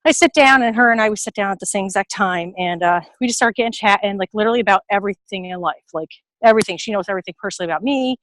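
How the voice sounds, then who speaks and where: A woman on a video call from her garden, out of breath from carrying heavy bags, telling an animated story and acting out what people said. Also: mid-range voice, rapid-fire, few pauses, no echo, rough recording. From New York area. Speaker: team member sharing a story. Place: outdoors in a garden.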